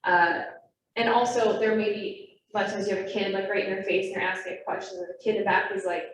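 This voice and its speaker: With a medium pitch and steady tone, a young adult woman gives trainees a brisk, chatty, self-aware naturalist training talk. She's in a meeting room with live and online listeners, and the recording has echo, a distant mic and slight background noise.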